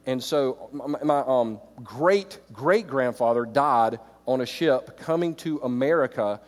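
A middle-aged man preaching to church leaders, animated, swinging between loud exclamations and quiet reflective stretches. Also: medium pitch, unhurried. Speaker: pastor. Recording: reverberant hall.

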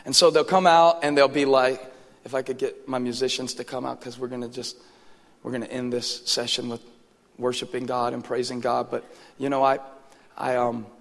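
Animated preacher in a big echoing hall. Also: male voice, mid-range voice, normal speed. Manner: animated storytelling, swings from hushed asides to loud exclaims. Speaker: pastor. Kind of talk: sermon. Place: church sanctuary. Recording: reverberant church hall with faint music.

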